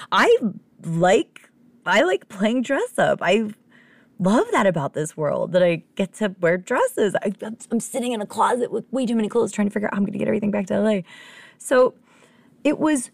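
A woman hosting a podcast, telling a story in a casual, profane, animated way and laughing often. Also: fairly low pitch, creaky, dry recording. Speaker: podcast host.

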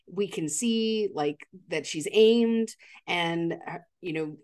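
A podcast co-host with a lowish voice takes her time as she eagerly retells film scenes in a casual movie recap chat. She's enthusiastic and animated, acting out the characters' lines.

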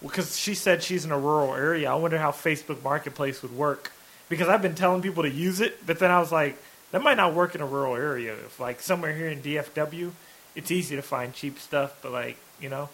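Curious man with a higher voice. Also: fairly quick, a bit bright. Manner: curious, asks questions, thinks aloud. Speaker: podcast host. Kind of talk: casual chat.

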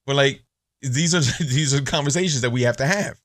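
A man's voice: mid-range voice, normal speed, no echo, clean studio sound. A man hosting a podcast, talking in a blunt, profane, casual monologue. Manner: blunt, profane, animated storytelling. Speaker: podcast host.

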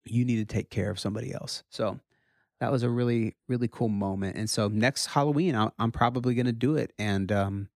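A man in his thirties, a pastor, telling a story in casual chat, his voice rising high when he quotes his children. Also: brisk, vocal fry, no echo, clean studio sound. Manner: animated, rises high when quoting his kids.

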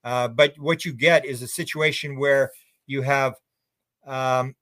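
A man's voice: medium pitch, steady tone, a little slow, bright, forceful tone, dry recording. An older man as an author guest on a radio show, answering in a rambling and bluntly opinionated way with many restarts.

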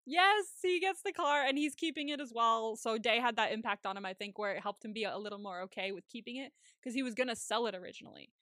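A young woman co-hosting a casual recap podcast, talking in an animated way, swearing and laughing often. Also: a little high, fast talker, hardly any pauses, no echo, clean studio sound. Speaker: podcast co-host.

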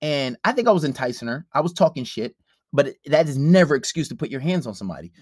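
A man spins a profane story on a casual podcast. He acts out every quote, and his pitch leaps all over. The sound is dry and close, with no room echo. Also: sing-song, fast talker. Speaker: podcast host.

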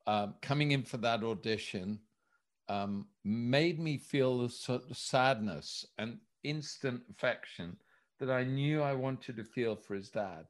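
With a medium-pitched voice and a slightly slow delivery, a man recalls casting experiences from his work as a director. As an interview guest he tells these anecdotes animatedly, performing each bit of dialogue.

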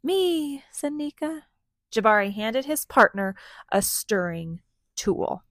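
A woman's voice: mid-range voice, lively intonation, a little slow, a bit bright, no echo. A woman reading a storybook aloud to her children, stopping often to ask them questions. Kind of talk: interactive read-aloud to children.

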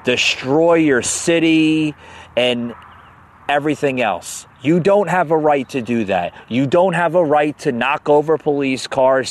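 A man hosting a podcast, ranting in an agitated, sarcastic way and stammering over repeated words. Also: mid-range voice. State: heated up. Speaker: podcast host. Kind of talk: heated political rant.

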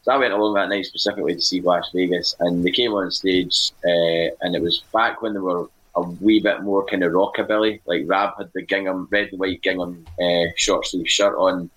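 A man's voice: low voice, steady tone, normal speed, few pauses, fairly bright tone, low-quality recording. A Scottish man co-hosting a podcast, telling long rambling anecdotes with many fillers in casual chat. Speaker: podcast co-host and music writer.

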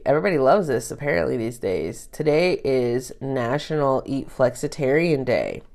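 A woman's voice: very deep voice, a little mellow. A woman hosting a tarot podcast, talking about astrology in a casual, rambling way, full of fillers and the odd swear word. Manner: rambling, chatty, drops swear words, many fillers.

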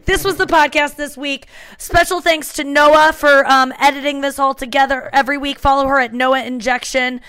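Woman podcast host, upbeat storyteller, slightly high voice, dry close sound. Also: normal speed, dry recording. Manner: animated storyteller, acts out scenes. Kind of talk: casual chat.

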